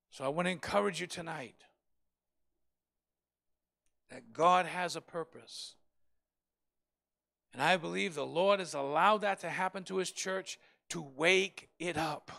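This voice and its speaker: A man's voice: a little high, slow, creaky, long pauses, bright, forceful tone. A male pastor preaching a Bible study in a fervent, emphatic way, repeating phrases for stress.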